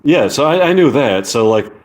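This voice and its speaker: A man on a casual live stream, reading viewer comments aloud in a halting way. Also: mid-range voice, sing-song.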